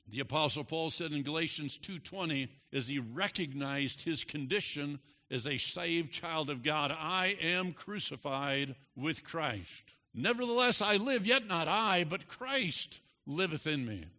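A male pastor preaching a sermon, slow and emphatic, rising in loudness on key phrases, heard in a church sanctuary. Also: fairly high pitch, animated. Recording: long reverb of a large hall.

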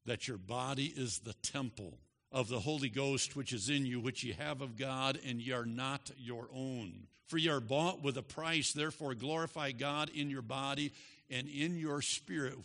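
A man preaching a sermon, moving from quiet emphasis to loud, passionate preaching. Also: mid-range voice, vocal fry, big-room sound.

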